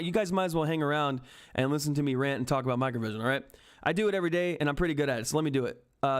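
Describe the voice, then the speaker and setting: Excitable man hosting a trading livestream. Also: a little high. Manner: excitable, keeps addressing viewers as guys and asking "all right?". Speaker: stock trading livestream host. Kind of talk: excited livestream market commentary.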